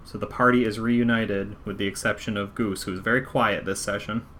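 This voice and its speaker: A man with a fairly low voice runs a tabletop game as dungeon master. He narrates scenes in a relaxed, casual way. A faint hiss of noise sits under his home recording. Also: normal speed.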